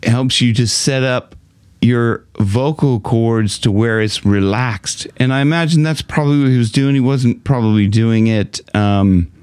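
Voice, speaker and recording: Slow, smooth-voiced male vocal coach. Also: mid-range voice, darkish tone, dry recording. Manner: laid-back, rambling explanations with frequent throat clearing. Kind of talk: casual singing lesson with sung demonstrations.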